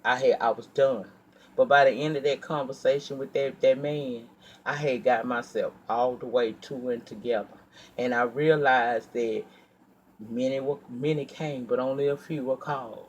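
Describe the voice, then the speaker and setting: A man telling a personal story in a casual storytime monologue, animated and profane, acting out his own heated outbursts and then dropping to a quiet, earnest tone when he reflects. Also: medium pitch, normal speed, lo-fi sound, a little hiss or hum. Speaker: storyteller vlogger.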